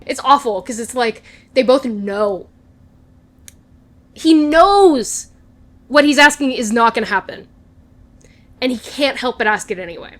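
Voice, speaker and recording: Young adult woman, recap vlogger, high pitch, animated, casual chat. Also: a little slow, pauses often, soft background music. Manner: gushing, animated, quotes characters in voices.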